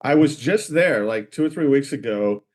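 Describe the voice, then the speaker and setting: Male host, mid-pitch, relaxed and brief, interview setting. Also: normal speed. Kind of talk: casual interview.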